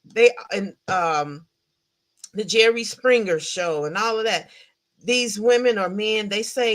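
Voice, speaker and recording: On a casual livestream, a podcast host recaps a film in a medium-pitched, slightly slow voice. She's chatty and animated, laughing and tossing questions to the chat as she retells it.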